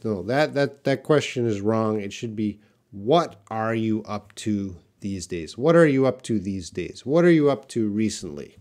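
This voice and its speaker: A man teaching English in a live question-and-answer class, explaining patiently and repeating words slowly for learners. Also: fairly low pitch, lively intonation, darkish tone.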